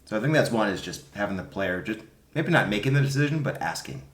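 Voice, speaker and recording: A man who coaches youth soccer, telling stories in a casual podcast chat with emphatic, animated delivery. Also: lowish voice, fast. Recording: roomy echo.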